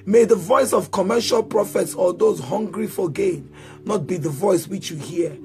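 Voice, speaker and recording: A man's voice: high voice, moderate pace, gravelly, a little mellow, soft background music. A man preaching and leading prayer, chanting declarations in a sing-song rhythm and prompting listeners to repeat after him. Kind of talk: sermon prayer.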